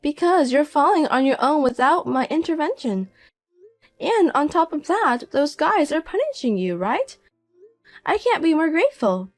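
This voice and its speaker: A middle-aged woman voicing a calm, proud mother who speaks in a cool, dryly mocking way, in a narrated audio drama. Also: high voice, moderate pace, faint music behind.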